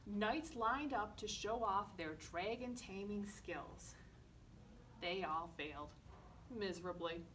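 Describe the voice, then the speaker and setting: Slow, expressive woman reading a picture book. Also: mid-range voice. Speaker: children's librarian. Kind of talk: storytime read-aloud. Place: library storytime room. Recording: distant mic with faint room noise.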